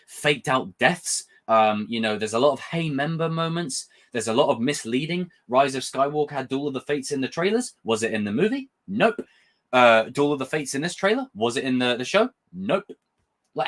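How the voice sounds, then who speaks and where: Brief: young man, fired-up profane reviewer, pitch swinging up and down. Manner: animated, rambling, passionate and profane. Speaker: film and TV reviewer. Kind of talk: casual review vlog.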